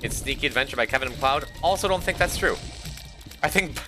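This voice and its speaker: A sleep-deprived man chats casually with his stream viewers, rambling and repeating words. His mid-range voice is expressive and sharp-toned at a quick pace, with game music playing behind him.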